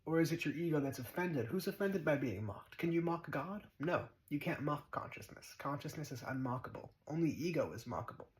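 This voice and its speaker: A man's voice: on the high side, animated, fairly quick, hardly any pauses, low-quality recording. A man giving a spiritual monologue as a teacher, blunt and profane, mocking his listeners and repeating short commands.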